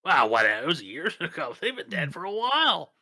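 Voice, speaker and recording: A man's voice: a little high, big pitch swings, moderate pace, bright, forceful tone, no echo. A man from Canada, hosting a stream and chatting casually, telling laid-back, profane stories with frequent laughs. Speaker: streamer host. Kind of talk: casual chat.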